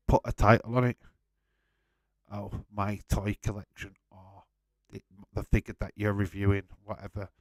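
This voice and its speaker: Man, live-stream host, casual banter, laughs a lot, slightly low voice. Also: no room sound. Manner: chatty, laughs often, swears, talks to viewers by name.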